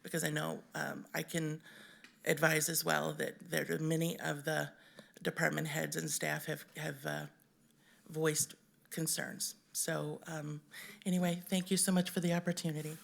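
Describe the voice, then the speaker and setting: Woman from Missouri, public comment, halting and emotional, low voice, gravelly. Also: flat delivery. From Missouri, USA. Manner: halting, many ums, emotional. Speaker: resident speaking in public comment. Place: city council chamber.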